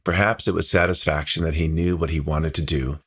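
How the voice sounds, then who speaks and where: A man reads his own memoir aloud in a very low voice, heartfelt and reflective. His tone has a husky, slightly breathy grain. The telling is steady audiobook narration. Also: a little fast.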